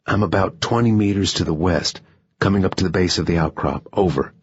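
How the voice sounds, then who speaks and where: A man's voice: low-pitched, fairly quick, husky, dry recording, muffled recording. A man doing a strong-drawled Southern gunman. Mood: alert. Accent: strong Southern American. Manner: clipped radio reports. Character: male Southern American gunman on patrol.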